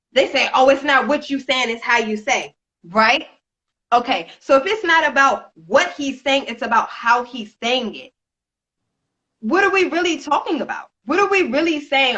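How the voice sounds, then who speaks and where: A woman's voice: fairly high pitch, bright, forceful tone, highs cut off. A woman co-hosting a casual chat, sassy and full of rhetorical questions, calling listeners honey. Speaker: co-host.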